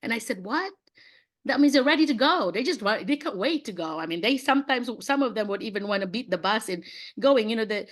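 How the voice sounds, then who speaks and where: A woman in her fifties, an education coach, talking casually and warmly about her passion on a video call, with frequent laughs and fillers. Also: mid-range voice. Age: 50s. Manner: chatty, laughing, lots of fillers and acted-out dialogue. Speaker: education coach running mock interviews.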